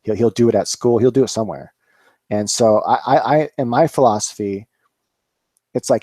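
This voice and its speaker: A man's voice: medium pitch, moderate pace, long pauses, warm tone, no room sound. A man in his forties, a cannabis grower, rambling casually through a live stream, full of fillers and swearing. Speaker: cannabis grower, channel host.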